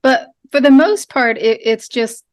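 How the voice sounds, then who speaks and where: A woman guest on a podcast with a slightly high voice talks about her work in an earnest, conversational way. She often restarts her sentences as she thinks aloud. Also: measured pace. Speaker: guest, trauma therapist. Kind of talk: casual podcast interview.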